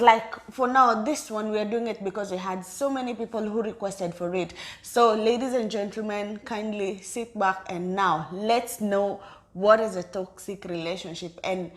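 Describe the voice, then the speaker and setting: A woman's voice: mid-range voice, moderate pace. Chatty woman co-host addressing viewers. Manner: chatty, addresses viewers directly, repetitive phrases. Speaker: co-host of a couple's channel. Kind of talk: casual chat.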